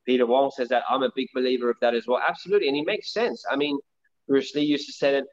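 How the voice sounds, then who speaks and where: A man's voice: mid-range voice, steady tone, fast. A man who teaches martial arts, telling stories in a casual interview with many restarts. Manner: rambling with frequent restarts. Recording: dull lo-fi audio.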